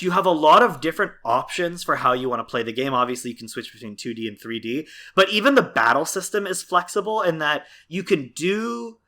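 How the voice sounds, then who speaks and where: Bright-voiced man rambling on a podcast. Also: on the high side. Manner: rambling, many fillers and restarts. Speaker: podcast co-host. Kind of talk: casual chat.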